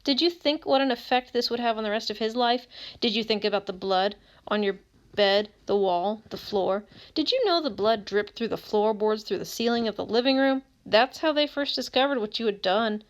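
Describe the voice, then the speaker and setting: A woman's voice: on the high side, normal speed, lightly acted. A woman reading as a haunted teen who questions a dead friend in a relentless way, in an audiobook. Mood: grim.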